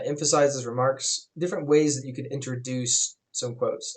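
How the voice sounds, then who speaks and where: A man teaching a writing class in a relaxed, conversational way, with frequent fillers as he explains. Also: mid-range voice. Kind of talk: recorded class lecture.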